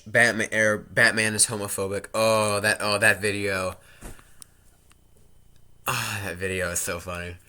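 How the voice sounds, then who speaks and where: A man's voice: fairly low pitch, flat delivery, a little slow, pauses often, sharp tone. A man vlogging at home into a laptop mic, rambling in casual chat with jokey asides and self-interruptions.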